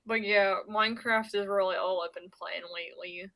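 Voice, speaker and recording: A woman's voice: medium pitch, steady tone, normal speed, vocal fry, a bit bright. A young woman from Pennsylvania chatting casually on her stream, rambling and swearing, with lots of stammered restarts. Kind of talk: casual chat.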